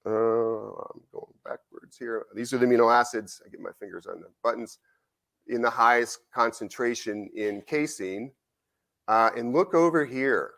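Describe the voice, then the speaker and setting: A man's voice: medium pitch, normal speed, vocal fry. A middle-aged man, a university researcher, giving a conversational conference lecture with stories and frequent "right?" checks to the audience. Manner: animated, conversational, frequent "right?" tag questions. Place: conference symposium.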